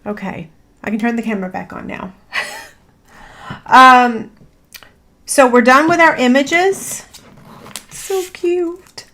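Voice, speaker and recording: A woman's voice: fairly high pitch, animated, measured pace, long pauses, bright, forceful tone. A woman, teaching a live crafting tutorial in a chatty, self-deprecating way with frequent fillers. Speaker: paper craft instructor.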